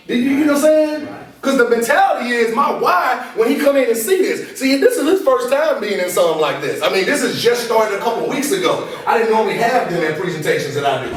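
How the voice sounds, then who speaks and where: In a meeting room full of listeners, a high-voiced coach delivers a fairly quick, animated motivational talk. He leans on call-and-response, again and again checking that the audience is following along, and the recording is echoey and distant.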